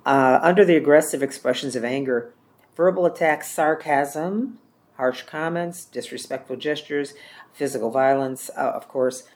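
A man teaching a church care-ministry class, with a voice of ordinary middle pitch. He speaks plainly and often repeats or corrects himself as he goes. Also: normal speed.

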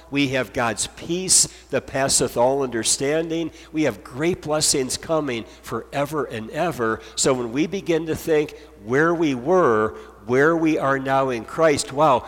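A man's voice: mid-range voice, big-room sound. A man preaching a sermon as pastor, earnest and emphatic, driving points home with repetition.

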